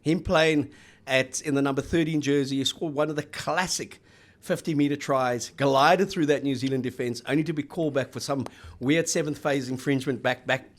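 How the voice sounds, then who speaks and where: A man's voice: medium pitch, steady tone, moderate pace. Brief: middle-aged man, chatty rugby host, rambling and anecdotal. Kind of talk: casual sports chat.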